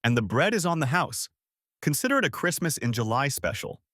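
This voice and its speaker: Kind, earnest young bakery owner, read by a man; lively, dry. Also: mid-range voice, a little fast, dry recording. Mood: gentle.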